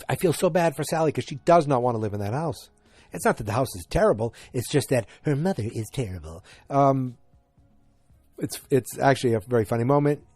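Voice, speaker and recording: A man's voice: mid-range voice, expressive, a little fast, a little mellow, no echo, soft background music. A man hosting a podcast, chatting through an episode recap in a rambling way that flares into exasperation. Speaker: podcast host.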